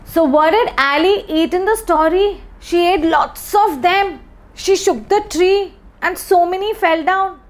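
A woman's voice: very high-pitched, a little slow. A young woman teaching young children phonics, coaxing them along and answering her own questions in a sing-song way.

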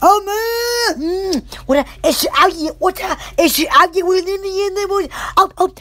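High, bright, giggly woman. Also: normal speed. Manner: giggly, silly, blows kisses, many fillers. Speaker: small shop owner promoting her products. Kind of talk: casual live-stream chat.

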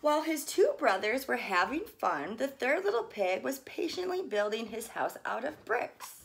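Woman, children's story time, gentle, soft picture asides, slightly high voice. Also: very animated, gravelly. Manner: gentle, pausing to describe pictures softly. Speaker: fitness coach reading a children's story.

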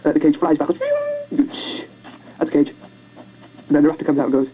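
A fast-talking amateur video maker casually retelling a film over rough sketches, rambling, self-mocking, and tripping over words. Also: medium pitch, warm tone, slight background noise, poor audio. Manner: makes silly sound effects and character voices.

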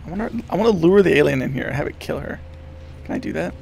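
A man streaming a horror game, swearing and talking excitedly to himself and the game. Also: fairly high pitch, quick pace, creaky, slight background noise. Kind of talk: live gameplay commentary.

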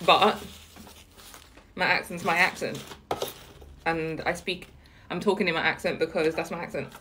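A woman's voice: fairly low pitch, steady tone, noisy background. A woman from Wales with a faded Welsh accent blended with London, chatting casually while eating on camera. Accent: faded Welsh mixed with London. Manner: chatty, eating between words, slow and unhurried. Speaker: mukbang vlogger.

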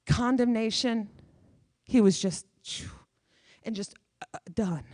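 A woman guest speaker preaches in church with emphatic, repeated phrases. Her voice sits fairly high. The sound is dry and close, with little room echo. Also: takes it slowly, darkish tone. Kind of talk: sermon.

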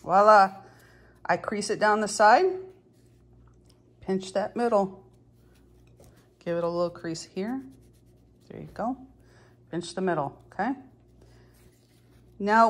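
A middle-aged woman chatting casually and joking about herself as she demonstrates stitching techniques at home. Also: fairly low pitch. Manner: chatty, joking, self-deprecating. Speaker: cross-stitch vlogger. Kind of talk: casual tutorial chat.

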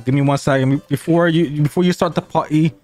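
A man's voice: a little high, fairly even intonation, a little fast, a little mellow, soft background music. A man chatting crudely and joking while racing in a game with friends, putting on mock voices now and then. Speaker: gaming streamer. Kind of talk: casual gaming banter.

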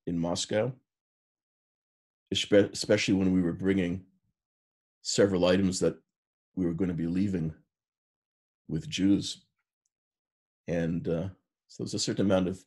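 A man in his sixties, a rabbi, giving a sermon and telling stories in an unhurried way, with Hebrew terms mixed in. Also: low voice, mellow, slightly rough.

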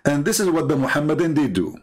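A man's voice: a little high, sing-song, quick pace, a little mellow. A man hosting a show, giving mocking commentary with lots of laughter and repetition. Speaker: host.

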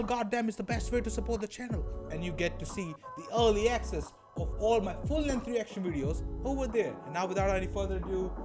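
Man from India, reaction host; high, chatty, camera mic. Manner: chatty, laughs often, swears casually. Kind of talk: casual reaction commentary. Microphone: camera-mounted shotgun mic.

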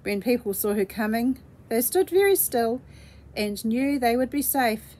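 A woman reading a children's storybook aloud in a gentle, measured way. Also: a little high, expressive.

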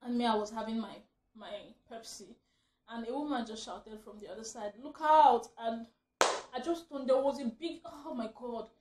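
A woman's voice: fairly high pitch, moderate pace, a little mellow, echoey room, a little hiss or hum. A young adult woman vlogger telling a story in a casual, chatty way, breaking into laughter often.

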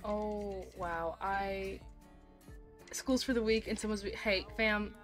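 A young woman streaming live, chatting casually with her viewers in a gushing, excitable way and swearing freely. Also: medium pitch, slow. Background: music playing.

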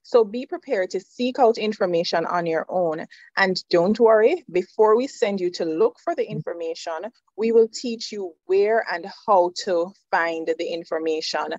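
A woman's voice: mid-range voice, darkish tone, no echo. Firm woman lecturing, muffled. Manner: measured, firm, instructive. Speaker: nursing lecturer. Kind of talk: presentation to students.

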